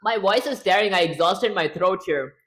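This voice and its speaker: A man's voice: high-pitched, normal speed, fairly bright tone. A man on a casual livestream, rambling to himself and to chat as he builds a game. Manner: rambling, talks to himself while working. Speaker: streamer and game developer.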